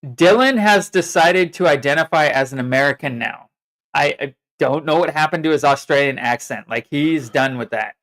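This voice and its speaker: A man co-hosting a casual chat, relaxed and quick to laugh. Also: fairly high pitch. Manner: laid-back, laughing often. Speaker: podcast co-host.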